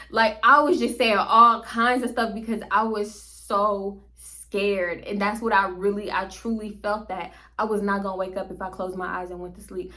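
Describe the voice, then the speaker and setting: A woman telling a story to her viewers in a casual, slangy way, animated and laughing often. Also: mid-range voice, normal speed, few pauses.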